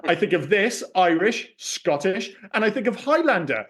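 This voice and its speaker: A man co-hosting a casual film podcast, talking in an animated, opinionated way and swearing freely. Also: sits high, normal speed, hardly any pauses. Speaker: podcast co-host.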